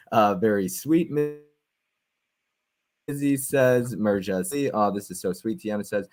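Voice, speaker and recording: A man's voice: on the low side, slow, darkish tone, soft background music. Chatty man hosting a live stream. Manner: friendly, chatty, frequent fillers and laughs. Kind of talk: casual live-stream chat, reading viewer comments aloud.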